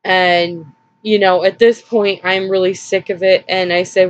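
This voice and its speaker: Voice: medium pitch, little pitch movement, measured pace, lo-fi sound. A vlogger telling a personal story in a rambling, hesitant way, with nervous little laughs, sounding upset and drained.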